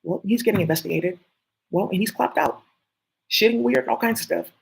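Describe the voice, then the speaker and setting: Gravelly, very husky vlogger rambling through a conspiratorial monologue, casual and full of fillers. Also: medium pitch, a little fast, low-quality recording.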